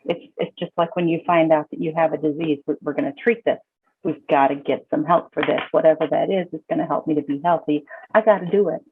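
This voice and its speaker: This counselor speaks fast in a low voice with fairly level intonation, against a noisy background. As a podcast guest on tinny call-quality audio, she offers casual advice with emphasis, often repeating words at the start of a thought.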